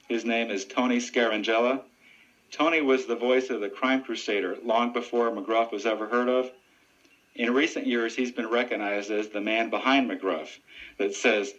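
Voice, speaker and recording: A man who works as a deputy sheriff and ventriloquist, answering radio interview questions in an earnest, steady and informative way. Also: medium pitch, normal speed. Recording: dull lo-fi radio audio.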